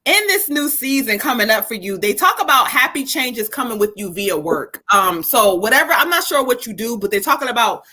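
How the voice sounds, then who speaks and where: A woman's voice: a little high, animated, a little fast, hardly any pauses, bright, forceful tone. A woman hosting a live psychic reading stream who banters, laughs and swears with viewers before reading cards for them. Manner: laughing, bantering, profane, addresses viewers directly.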